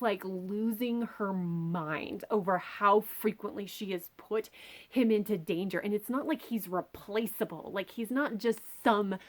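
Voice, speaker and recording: A woman reviewing a book in a casual, chatty, enthusiastic way, full of filler words. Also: mid-range voice. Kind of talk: casual chat.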